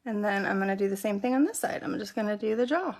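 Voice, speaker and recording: A woman's voice: medium pitch, expressive, quick pace, a little mellow, slight background noise. A middle-aged woman hosting a makeup tutorial, explaining each step in a casual, chatty way as she applies it. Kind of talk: casual how-to demonstration.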